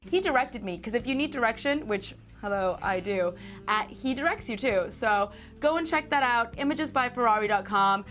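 A woman's voice: a little high, expressive, normal speed, a bit bright, soft background music. A woman doing a playful, self-mocking promo plug.

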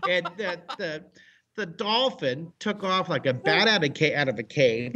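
A man's voice: a little high, a little fast, slight background noise. A middle-aged American man, a drawing teacher, telling a story animatedly with bursts of laughter. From United States. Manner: excitable, shouts and laughs mid-story.

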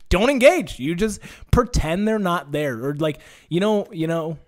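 A man's voice: a little high, slow. A young man hosting a podcast, telling a comic story in a rambling, self-mocking way. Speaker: podcast host.

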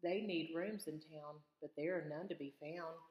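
A woman voicing a busy, brisk grandmother in a children's storybook, in an echoey room. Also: sits low, steady tone, lo-fi sound, close to an everyday voice. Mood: concerned. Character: bustling, warm-hearted grandmother. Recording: echoey room with long reverb.

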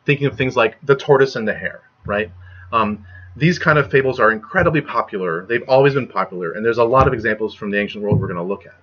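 Young male lecturer, casual and chatty, husky voice, dull home recording. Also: medium pitch, fairly bright tone. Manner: chatty, lots of "right?" and "like". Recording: muffled lo-fi recording.

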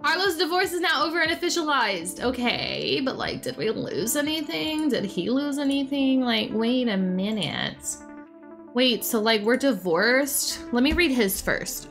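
A young woman chats through a life-sim session in a high, lively voice that swoops up and down as she exclaims at her characters. Soft music plays underneath. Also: normal speed. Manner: chatty, exclaims often, talks to her game characters. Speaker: gaming YouTuber. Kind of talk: casual let's-play commentary. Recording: faint background music.

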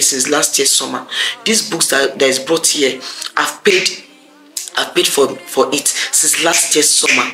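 A woman's voice: very deep voice, unhurried, bright, forceful tone, soft background music, low-quality recording. A young Nigerian woman vlogging, ranting in irritation and repeating herself as she talks. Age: young adult. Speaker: vlogger, medical graduate. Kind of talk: casual vlog rant. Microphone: camera mic.

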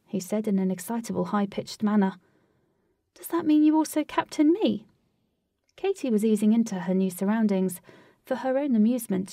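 Husky, gravelly woman reading a story. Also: mid-range voice, warm tone, dry recording, distant mic. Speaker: audiobook reader. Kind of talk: scripted storybook narration. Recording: dry, voice set back from mic.

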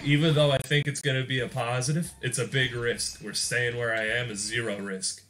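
A man's voice: medium pitch, fairly bright tone, a little hiss or hum. A young man hosting a gaming channel, giving casual gameplay commentary in a rambling, joking way and often laughing mid-sentence.

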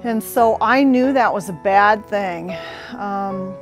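An earnest woman around sixty tells her own story to interviewers, and her voice sits at an ordinary middle pitch. She acts out the lines she quotes, pausing on fillers and starting sentences over, while faint music plays underneath. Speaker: interview guest. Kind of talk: personal testimony in conversation.

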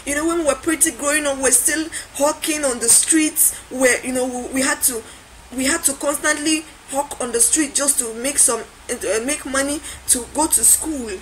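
A woman's voice: high-pitched, fairly even intonation, normal speed, rough recording. A woman giving a motivational talk, driving her points home with emphatic, repeated, preacher-like build-ups. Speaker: motivational speaker.

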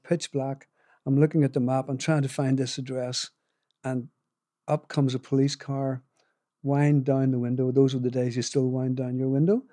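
A man's voice: medium pitch, mellow, no room sound, studio quality. An older man from Northern Ireland with a Northern Irish accent, telling modest, chuckling anecdotes with restarts as a guest in an interview. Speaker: guitar maker, podcast guest. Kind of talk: casual storytelling interview.

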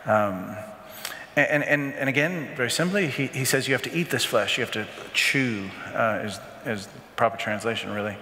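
Brief: earnest male parish teacher, bright forceful voice, halting repeats, long hall reverb. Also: mid-range voice. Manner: earnest, repeats words often, asks "right?". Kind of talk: adult faith formation talk. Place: church hall.

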